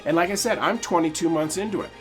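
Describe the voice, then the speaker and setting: A man in his forties gives a personal monologue in a slightly high voice. He is earnest and emphatic and restarts his sentences often. Faint music runs underneath. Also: quick pace. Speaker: podcast host.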